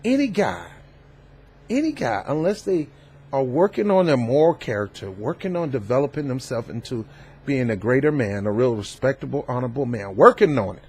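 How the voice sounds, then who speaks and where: A man hosting a political commentary vlog, talking in an emphatic, animated and preachy way. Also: medium pitch, normal speed, slightly rough. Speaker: host.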